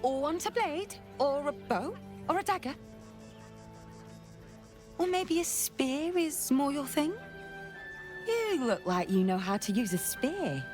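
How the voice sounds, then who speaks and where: An actress playing an overeager young female shop clerk in a video game, gushing in a bubbly sing-song sales pitch. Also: very animated, slow, pauses often, a little mellow, exaggerated voice. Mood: eager. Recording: game audio with faint music.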